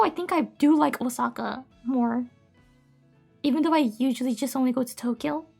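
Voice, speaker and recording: A very high, bright-toned woman with a Japanese accent chats casually on her live stream, giggling and cutesy as she thanks viewers. Soft music plays faintly behind her.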